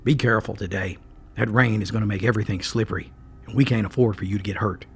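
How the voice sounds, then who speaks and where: A man voicing a stern, caring miner father who gives a quick, hushed warning. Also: fairly low pitch, fairly even intonation, creaky, breathy edge, exaggerated voice.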